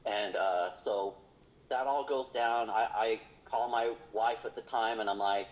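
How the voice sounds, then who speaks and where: A man with a somewhat low voice recounts a frightening investigation in a relaxed, conversational way. He talks haltingly, stumbling and restarting often and filling gaps with "um" and "like". He sounds like a paranormal investigator telling his story to a host. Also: low-quality recording. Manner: halting, full of restarts and fillers.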